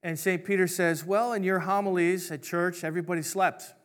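Middle-aged male pastor, slightly higher voice, relaxed joking sermon delivery. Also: fairly quick, smooth. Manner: conversational, jokey storytelling with voiced asides.

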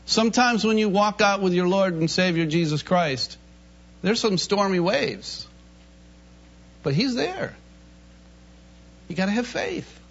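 A man preaching a lively sermon, with a high and very expressive voice that swings up and down. His tone is bright and pointed. The recording sounds dull and lo-fi. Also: measured pace, pauses often. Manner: animated, acts out Bible voices, laughs often.

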